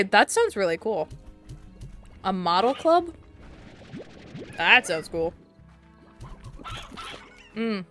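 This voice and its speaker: Giggly woman streamer rambling while she plays, gets excited fast, bit of game music behind. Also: medium pitch. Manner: chatty, easily excited, giggly. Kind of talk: casual gameplay stream chat.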